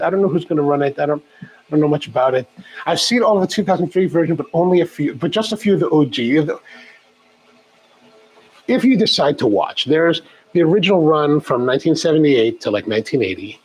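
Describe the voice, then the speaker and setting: A man's voice: mid-range voice, slightly rough. A middle-aged man hosting a coffee channel, chatting casually and rambling through viewer questions with many restarts and asides.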